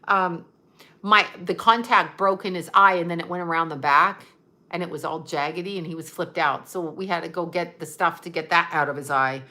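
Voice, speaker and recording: A woman's voice: lowish voice, sharp tone. A middle-aged woman hosting a casual livestream, rambling and laughing as she reads comments. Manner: rambling, laughing, chatty asides. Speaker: livestream host.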